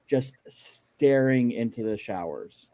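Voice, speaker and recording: A man on a veterans panel, telling a short anecdote after a halting start. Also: medium pitch, lively intonation, dark tone, dry recording. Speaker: panel guest. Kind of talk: casual panel chat.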